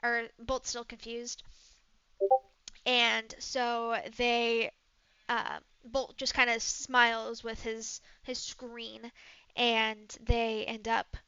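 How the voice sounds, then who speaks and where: Woman game master with gravelly voice. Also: fairly high pitch, level tone, very slow, pushed and bright, dry recording. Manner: casual narration with fillers and restarts. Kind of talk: narrating a tabletop role-play game. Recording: dull lo-fi mic.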